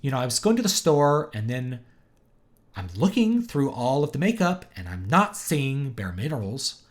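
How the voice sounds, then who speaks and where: A man's voice: medium pitch, very animated, moderate pace, pitched above the performer's own voice, natural voice. A man voicing a ditzy young California woman who chatters airily about shopping. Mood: airy. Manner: airy, rambling valley-girl chatter.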